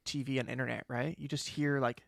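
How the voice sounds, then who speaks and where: A man's voice: mid-range voice, level tone, a little fast, creaky, no echo, studio quality. Rambling man with a Boston accent. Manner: rambling, self-deprecating, full of restarts. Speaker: podcast co-host. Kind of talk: casual chat.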